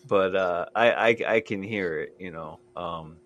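A man's voice: sits low, slow, fairly bright tone. A man from Indiana and Michigan hosting a casual podcast chat, easygoing and hesitant, with many ums. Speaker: podcast host.

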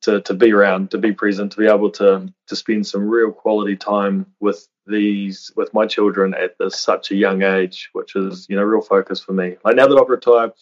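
A man's voice: on the low side, little pitch movement, normal speed, hardly any pauses. A man, a retired rugby player in his thirties, answering interview questions earnestly, with many "you know" fillers and restarts. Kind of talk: reflective interview talk. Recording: dull lo-fi audio.

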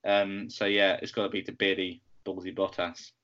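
A man with a lowish voice chats on a casual podcast, laid-back and dry. The recording is dull and lo-fi. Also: monotone, moderate pace, a bit bright. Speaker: podcast co-host. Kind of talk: casual chat.

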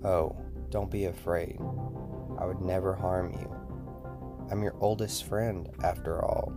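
Man doing inner voice in a child's head, quiet, raspy, coaxing, deep, music underneath. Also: fairly even intonation, measured pace. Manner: coaxing and soothing. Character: friendly, manipulative male voice inside a boy's head. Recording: music playing behind the voice.

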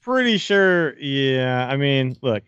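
A man co-hosting a gaming podcast, excited and wisecracking in casual chat. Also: mid-range voice, slow pace, smooth, no room sound, lo-fi sound.

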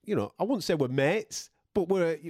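A man's voice: on the high side, expressive, moderate pace, darkish tone, dry recording. Chatty man, dry close mic. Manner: chatty, laughs often, swears freely. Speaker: boxing podcast host and radio presenter. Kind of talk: casual banter and storytelling.

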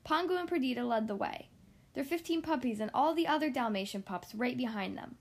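A woman reading a children's storybook aloud in a gentle, expressive manner. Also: high-pitched, brisk, vocal fry.

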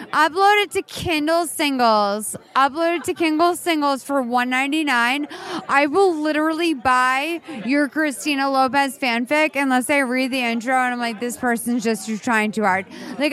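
A woman in her thirties hosting a podcast, talking casually with heavy vocal fry and rambling, irreverent asides. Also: sits high, fairly bright tone. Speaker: podcast host. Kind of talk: casual chat.

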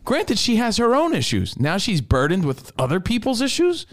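Male radio host, blunt, animated, lively pitch, casual studio talk. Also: moderate pace. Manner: blunt and animated, acts out quotes.

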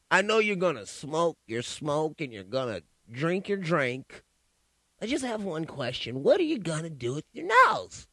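A man's voice: fairly high pitch, pushed and bright, no echo. A man hosting a podcast, reacting with profane disbelief and stammering as he talks. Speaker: podcast host. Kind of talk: profane comedic commentary.

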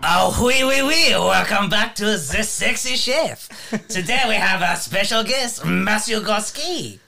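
A bumbling French chef hosting his own cooking show, as a man hams it up. The put-on French accent is thick and the voice bright, swooping all over as he fumbles his lines. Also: high-pitched, animated, a little slow, gravelly, faint music behind, pitched above the performer's own voice, exaggerated voice. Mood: hammy. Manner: hammy, over-the-top.

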